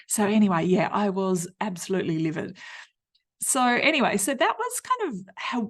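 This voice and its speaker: A woman in her fifties with an Australian accent, telling her own story as a podcast host in a candid, chatty, blunt way full of fillers. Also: medium pitch. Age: 50s. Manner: blunt and slangy. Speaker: podcast host, menopause nutritionist. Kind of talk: personal storytelling monologue.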